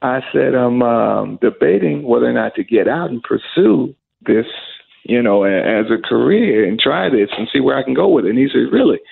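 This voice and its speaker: A middle-aged man with a deeply gravelly, husky voice tells stories as an interview guest. He acts out the voices he quotes. The sound is thin and phone-like. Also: normal speed. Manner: lively storyteller who acts out quoted voices. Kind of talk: storytelling in an interview. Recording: tinny phone-line sound.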